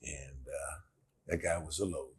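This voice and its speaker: A man in his sixties from California, a guest telling animated stories in a casual interview, laughing often. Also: extremely low pitch, measured pace, slight background noise. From California, USA. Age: 60s. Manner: animated storyteller, laughs often, acts out quotes. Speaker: interview guest, former pro football player.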